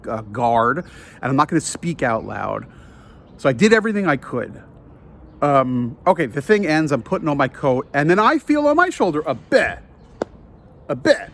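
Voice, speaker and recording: Un hombre que cuenta una anécdota de forma casual y animada, exasperado, interrumpiéndose a sí mismo, grabado al aire libre. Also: male voice, fairly high pitch, a little hiss or hum. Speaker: storyteller. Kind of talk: casual storytelling vlog. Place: outdoors near a train line.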